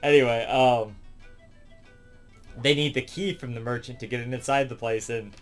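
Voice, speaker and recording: A man with a mid-range voice recaps a film in a loose, wandering way, leaning on "um" and "like" as he goes. He talks as a reviewer in a relaxed, unscripted chat, and faint music plays behind him. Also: mid-range voice, normal speed. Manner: rambling, heavy on fillers like "um" and "like". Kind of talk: casual spoken movie recap.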